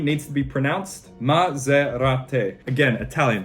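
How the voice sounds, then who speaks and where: An Australian man runs a jokey pronunciation lesson and stresses each word with mock seriousness. He teases his viewers and himself in a casual, mid-pitched voice. Soft music plays underneath. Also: animated, normal speed, few pauses. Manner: joking, self-mocking, emphatic. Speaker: car video host. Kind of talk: comedic pronunciation tutorial.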